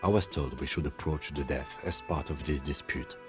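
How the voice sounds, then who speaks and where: A man's voice: a bass voice, normal speed, over music. An actor playing a methodical male police lieutenant in a video game, speaking in a composed, precise, dry way.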